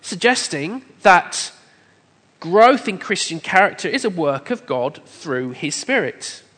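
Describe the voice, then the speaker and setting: A man's voice: sits high, sing-song, fairly bright tone. Man preaching with long hall reverb. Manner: measured, emphatic, builds points through lists. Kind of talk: sermon. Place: church hall.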